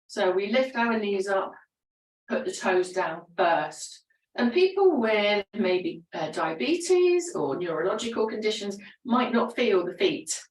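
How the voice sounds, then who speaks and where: A woman fitness instructor talks her class through gentle moves with an encouraging, chatty manner. Her voice sits at a middle pitch and comes from some way off the mic. The room around her gives a clear echo. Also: distant mic. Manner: encouraging, chatty, laughs often. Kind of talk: guided exercise class. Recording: roomy echo, voice from away from the mic.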